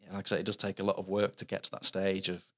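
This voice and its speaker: Fast-talking Mancunian man, low voice. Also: completely flat delivery, a bit bright. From Manchester, England. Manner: chatty, earnest, explains at length with restarts. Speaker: children's author guest. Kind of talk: casual podcast interview.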